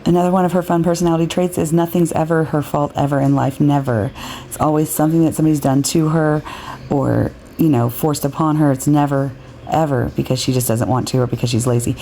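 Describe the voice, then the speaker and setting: Low, mellow-voiced woman with sarcastic commentary. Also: fairly even intonation, fast, slight background noise. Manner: sarcastic, scornful. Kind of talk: mocking commentary.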